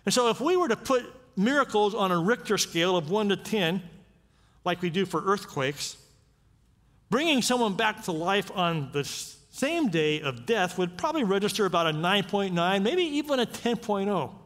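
A male pastor preaching in a conversational, animated style, his fairly high voice swinging widely in pitch. He keeps checking in with rhetorical questions. The sound carries a long reverb from a church hall. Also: moderate pace. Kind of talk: sermon.

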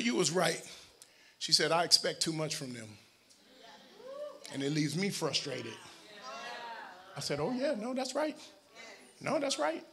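A middle-aged male pastor preaching a lively sermon in a church, swinging from shouted, almost sung lines to quiet joking asides with the congregation. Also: high voice. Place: church sanctuary.

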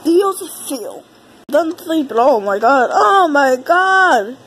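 A woman with a cold giving excitable, rambling commentary over her gameplay, exclaiming often. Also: high voice, takes it slowly, slight background noise, poor audio. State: has a cold. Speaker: let's play gamer. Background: game music.

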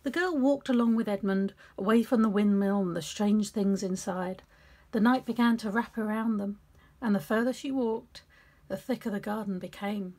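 Breathy mid-age lady reading her story at home, stops to chat now and then. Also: mid-range voice, normal speed, mellow. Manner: reads her story aloud and breaks off for chatty asides. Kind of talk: casual story reading with asides. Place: home office.

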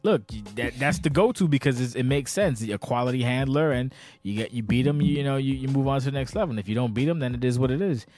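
A tipsy man hosts a podcast, rambling and cursing through an animated rant and tripping over his own restarts. His voice sits in an ordinary middle pitch, recorded dry and close on the mic. Faint music plays underneath. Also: fast talker, hardly any pauses, no echo. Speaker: podcast host. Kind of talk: casual podcast chat.

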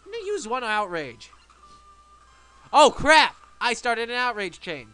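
Excitable high-voiced young gamer guy. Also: a little fast, no room sound, soft background music. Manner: excitable, shouts and pleads at the game. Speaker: let's play gamer. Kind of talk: casual game commentary.

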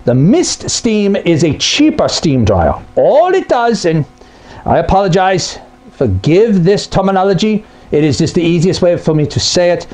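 A man's voice: sits high, big pitch swings, moderate pace, a little mellow. A man who repairs appliances, explaining a topic to camera in a blunt, conversational way. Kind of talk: explainer video.

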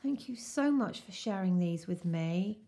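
A woman chatting casually and excitedly as she unwraps a craft swap parcel. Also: medium pitch. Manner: gushing, excitable, slow-paced. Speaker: crafting vlogger. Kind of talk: casual unboxing chat.

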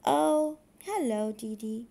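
A gentle little duck, sorrowful and soft-spoken, as a woman reads him aloud. The voice sits high, moves slowly and has a gravelly edge. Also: full character voice. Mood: wistful. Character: sad gentle young male duck.

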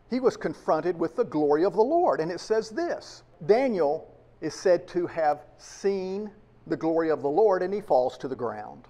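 A man's voice: high-pitched, mellow. A man preaching a sermon to his congregation, emphatic and full of rhetorical questions. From United States. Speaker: pastor.

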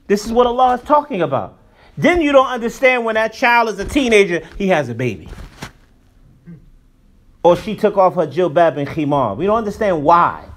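A man's voice: high voice, very animated, moderate pace, a bit bright. A man teaching a religious class in an emphatic, colloquial preaching manner. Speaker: Islamic teacher. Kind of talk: religious lesson.

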